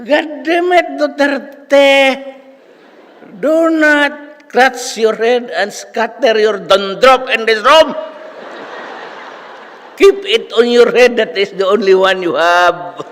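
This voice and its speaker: An irritable old professor barks out orders in a shrill, strained voice pitched far above the speaker's own, as a man in his seventies with a Filipino accent mimics him. The high, cutting voice swoops up and down. It carries the long reverb of a big hall. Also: expressive, takes it slowly, long pauses, slight background noise, full character voice. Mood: scolding. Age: 70s. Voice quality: shrill, yelling. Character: shrill, short-tempered old male law professor.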